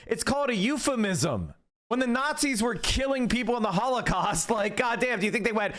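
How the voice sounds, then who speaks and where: A man with a high voice rants about politics on his stream. He is combative and mocking, swearing freely as he hammers his point. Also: sing-song, fairly quick, fairly bright tone. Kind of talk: heated political rant.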